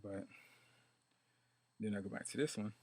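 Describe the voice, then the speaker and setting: A man's voice: lowish voice, measured pace, a little mellow. A man talking about meditation in a rambling, repetitive way, now and then chanting mantras. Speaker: meditation teacher. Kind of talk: rambling casual monologue.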